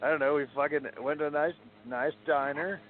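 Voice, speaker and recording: A man co-hosts a casual podcast, rambling and laughing, with a voice a little on the high side. His sound is thin and phone-like under a faint hiss. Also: steady tone, fairly quick. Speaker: podcast co-host. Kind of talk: casual chat.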